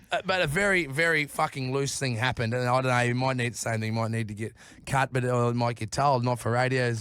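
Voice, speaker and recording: A man's voice: medium pitch, a bit bright. Rambling, swearing New man. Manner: rambling, swears constantly, laughs often. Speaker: podcast guest. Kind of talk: casual chat. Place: podcast studio.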